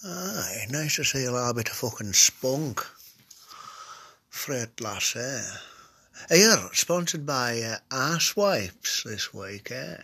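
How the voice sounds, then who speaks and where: A man's voice: medium pitch, big pitch swings, slow pace, bright, forceful tone, slightly rough. A man with a Cumbrian accent, who has a cold, rambling crudely as the host of a comedy podcast and often trailing off into mutters. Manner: swearing, dialect-heavy, trails off into mutters. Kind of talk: rambling crude comic monologue.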